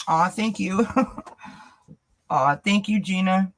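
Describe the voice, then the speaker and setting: A woman's voice: medium pitch, slow pace, rough recording. A woman hosting a tarot channel, chatting casually on a live stream, greeting viewers by name and laughing often. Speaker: tarot reader and channel host.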